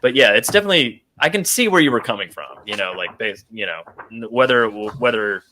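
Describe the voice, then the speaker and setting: A man's voice: medium pitch, expressive, brisk, bright, forceful tone, a little hiss or hum. A man co-hosting a casual podcast chat, rambling with lots of fillers and acting out quotes. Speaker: podcast co-host.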